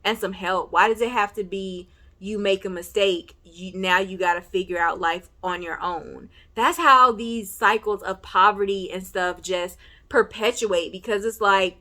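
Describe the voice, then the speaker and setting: A woman casually recapping and reviewing a TV episode, chatty and full of fillers like "you know", with animated outbursts. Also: medium pitch, measured pace. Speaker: TV recap vlogger.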